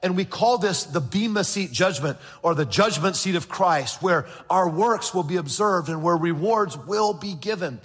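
A man preaches from the pulpit of a large church, his voice a little higher than most and noticeably husky. He talks earnestly, stumbling over repeated words and acting out the voices in his stories, while the long reverb of the sanctuary rings behind him. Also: expressive, normal speed, hardly any pauses, a bit bright. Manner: acts out quoted voices in storytelling. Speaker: pastor. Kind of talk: sermon.

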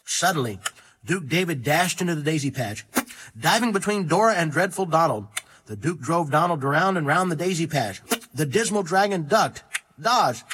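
Playful, animated male storyteller. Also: fairly high pitch. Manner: playful tongue-twisting delivery. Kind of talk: storybook reading.

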